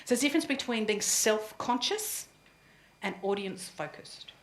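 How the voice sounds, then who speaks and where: A woman runs a live presentation workshop, chatty and quick to laugh. Her voice sits a little high, and the room gives it a clear echo. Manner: lively, chatty, laughs easily. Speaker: presentation coach. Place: room with an audience. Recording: echoey room.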